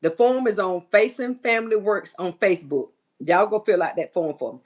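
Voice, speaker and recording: This middle-aged woman runs a casual livestream where she cleans, builds baskets, and reads viewer comments aloud while chatting. Her mid-range voice is a little mellow, her pace normal, and her talk folksy Southern US.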